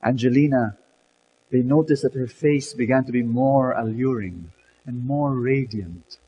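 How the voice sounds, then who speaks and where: A man's voice: mid-range voice, measured pace, dark tone, long reverb tail, lo-fi sound, slight background noise. A man telling a story in a sermon, dramatic, with many repeated words and "you know"s.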